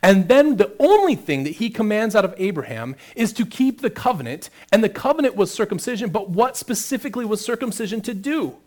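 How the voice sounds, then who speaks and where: A man's voice: high-pitched, big pitch swings, a little fast, few pauses, a little mellow. A man preaching a sermon, reading scripture aloud and then explaining it with rising emphasis. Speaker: pastor.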